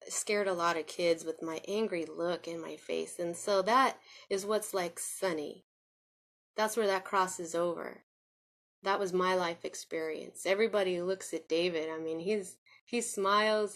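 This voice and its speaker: A woman with a slightly low voice speaks to her camera about her own life. She drifts and circles back, restarting sentences and leaning on fillers. Her tone stays earnest and confiding. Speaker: vlogger. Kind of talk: personal spoken reflection.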